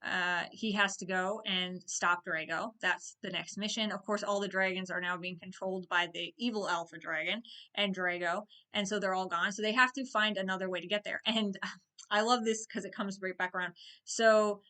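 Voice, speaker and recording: A chatty woman retelling a film's plot with a bright, clear tone. She talks casually and expressively, jumping into characters' lines as she goes. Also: mid-range voice, fairly even intonation, normal speed. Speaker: movie vlogger. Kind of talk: casual movie recap.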